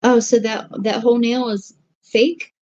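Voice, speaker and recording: A woman's voice: on the high side, level tone, a little slow, warm tone, muffled recording. A woman chatting with a friend on a video call, easygoing and shrugging things off. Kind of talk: casual video chat.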